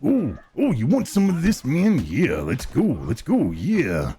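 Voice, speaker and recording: Man doing a gravelly pro wrestler, growling, over-the-top hype, husky. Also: fairly high pitch, wildly swooping pitch, unhurried, mellow, pitched above the performer's own voice, heavily acted. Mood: hyped.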